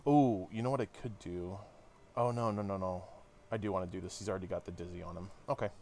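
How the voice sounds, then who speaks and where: A man's voice: sits low, fast talker, a little mellow, a little hiss or hum. A man casually commenting on a game he plays live, chatting with his viewers and thinking aloud. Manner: chatty, talks to chat, thinks aloud with restarts. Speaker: streamer.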